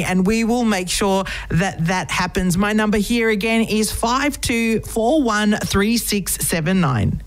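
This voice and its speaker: A woman's voice: medium pitch, lively intonation, a little slow, few pauses, poor audio. A woman hosting a radio show, interviewing a guest in an encouraging way. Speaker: radio host.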